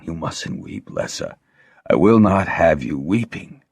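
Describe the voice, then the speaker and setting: A man's voice: sits low, sing-song, measured pace, gravelly, a little mellow, husky, no room sound, clean studio sound, exaggerated voice. A man doing a faint, dying old harper. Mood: weary. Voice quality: faint, weak voice. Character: old male harper, weak, dying, wry.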